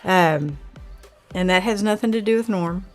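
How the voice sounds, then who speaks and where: A woman's voice: mid-range voice, measured pace, soft background music. A woman from Oklahoma with a light Oklahoma twang, hosting her channel in a rambling, chatty live talk and answering viewer comments. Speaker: channel host reviewing camera gear. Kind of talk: casual live chat.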